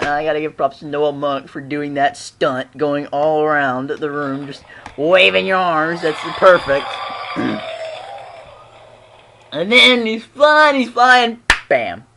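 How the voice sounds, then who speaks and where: A fan reviewer giving a casual, chatty episode recap, often clearing the throat and acting out the characters' lines. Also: medium pitch, steady tone, unhurried, fairly bright tone, a little hiss or hum. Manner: frequently clears throat and laughs.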